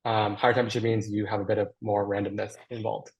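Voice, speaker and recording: Husky-voiced man answering questions on a call. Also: lowish voice, level tone, fast talker, highs cut off. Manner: hesitant, thinks aloud with fillers and restarts. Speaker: guest speaker answering audience questions. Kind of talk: online Q&A after a technical talk. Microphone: video call.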